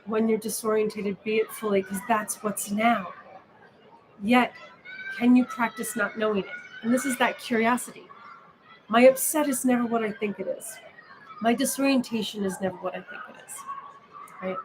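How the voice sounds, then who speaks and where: A woman giving a meditation talk as teacher, musing gently and often asking "right?". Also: fairly high pitch, moderate pace. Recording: steady background noise.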